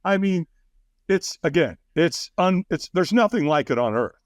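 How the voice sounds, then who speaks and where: Speaking at a measured pace in a voice on the high side, this podcast guest animatedly tells a story during a conversation, often laughing and performing other people's lines. It's a clean studio recording with no echo.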